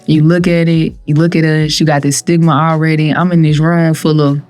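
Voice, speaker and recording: A young adult woman, a guest on an interview podcast, telling her own story in an animated way. She acts out what she and others said, and often laughs as she goes. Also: sits low, a little fast, soft background music. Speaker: guest, cannabis entrepreneur with a pharmacy doctorate.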